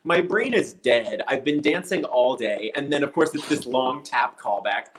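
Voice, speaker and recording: A man's voice: medium pitch, normal speed, slight background noise, low-quality recording. A man telling a story casually, acting out the voices of the people in it. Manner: animated storyteller acting out quotes.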